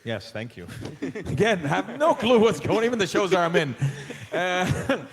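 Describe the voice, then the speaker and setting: A man, a guest actor, answering audience questions on a convention panel in a casual, animated way, with frequent restarts and laughs. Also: high-pitched, moderate pace, long reverb tail, slight background noise. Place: large convention hall.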